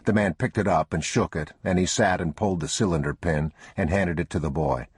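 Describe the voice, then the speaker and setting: A man narrating an audiobook in a measured, unhurried way. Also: low-pitched, husky, no echo, clean studio sound. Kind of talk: scripted narration.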